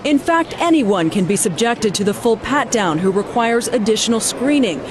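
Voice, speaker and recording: A woman reporter reading a scripted television news piece in a measured delivery. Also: a little high, lively intonation, background noise.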